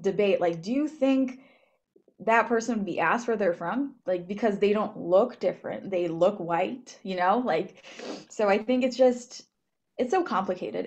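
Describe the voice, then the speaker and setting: A young woman from Japan talking on a panel, rambling with many fillers and animated retelling of her experiences. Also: medium pitch, dull audio. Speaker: student panelist. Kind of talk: casual panel talk. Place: event hall.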